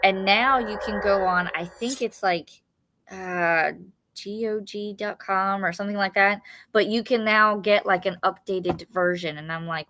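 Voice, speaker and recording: A woman co-hosting a casual livestream chat, telling stories with animated imitations and laughter. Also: mid-range voice, normal speed, no echo. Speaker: co-host of a livestream.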